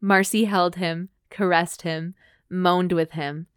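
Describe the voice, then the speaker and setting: A woman's voice: lowish voice, fairly even intonation, takes it slowly, clean tone, no echo, studio quality. A woman co-hosting a podcast, reading a romance novel aloud steadily and breaking off for wry jokes. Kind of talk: dramatic reading with joking commentary.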